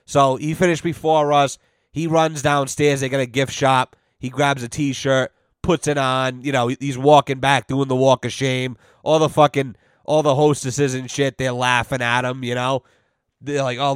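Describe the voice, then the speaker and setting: A man telling a story on his podcast in a profane, animated way, acting out both sides of conversations. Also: medium pitch, clear, resonant tone, dry recording, clean studio sound. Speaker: podcast host. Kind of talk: casual storytelling monologue.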